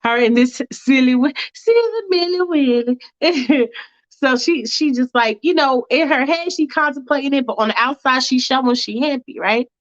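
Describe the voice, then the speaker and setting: Brief: high-pitched woman, slangy storytelling with asides, dull lo-fi sound. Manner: chatty, slangy, full of asides. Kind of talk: casual fan-fiction storytelling.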